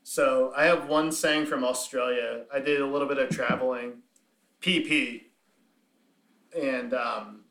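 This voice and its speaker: A man's voice: medium pitch, fairly even intonation, unhurried, vocal fry, fairly bright tone, roomy sound. A man hosting a casual chat, rambling and laughing often.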